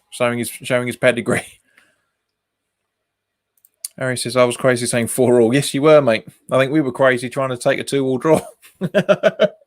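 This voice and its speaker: A man with a medium-pitched voice hosts a live football watch-along for a fan channel, reacting to the match, reading viewer comments aloud and answering them while laughing often. The audio is studio quality with no echo.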